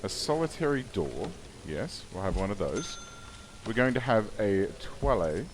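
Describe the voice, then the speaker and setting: A man's voice: on the low side, big pitch swings, a little slow, background noise. Wry man narrating a game. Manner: wry, chatty, self-correcting. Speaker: gaming YouTuber. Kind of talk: let's play commentary.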